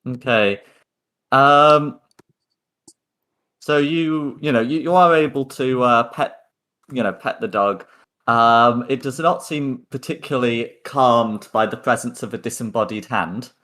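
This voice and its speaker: A man's voice: medium pitch, measured pace, bright, forceful tone. A man acting as game master, narrating hesitantly with many ums and repeated words. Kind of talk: running a tabletop game.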